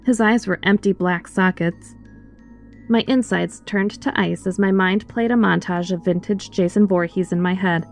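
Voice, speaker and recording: With faint music in the background, a woman narrates a first-person horror tale in a mid-range voice at a moderate pace. Her delivery is expressive and clearly scripted.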